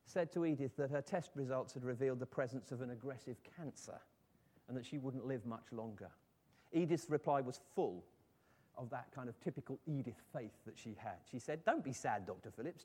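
A man's voice: mid-range voice, a little mellow. A man preaching a sermon, telling a story in an earnest voice and rising to fervent appeals.

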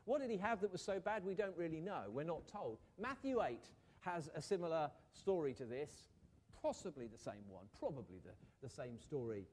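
A man with a slightly higher voice preaching a sermon. He talks to his listeners conversationally, asks rhetorical questions and now and then acts out what the people in the story might have said. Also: very animated, normal speed, a little mellow, slightly rough.

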